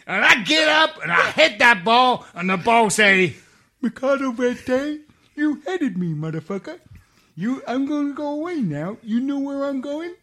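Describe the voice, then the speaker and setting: A man putting on the voice of a brash, crude, boastful male footballer, shouting his lines. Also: very high voice, creaky, voice pushed up, heavily acted. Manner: shouted, loud over-the-top delivery.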